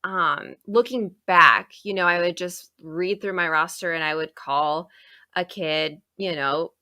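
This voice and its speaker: A woman hosting an interview, talking in a lively, animated way with lots of fillers and restarts. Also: on the low side, unhurried, no room sound, studio quality. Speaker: podcast host. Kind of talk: casual interview chat.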